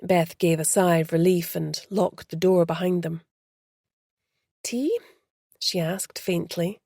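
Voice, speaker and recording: Woman reading an audiobook, gravelly and low, super dry close mic. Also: level tone, unhurried, warm tone, no echo. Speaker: narrator. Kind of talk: audiobook narration.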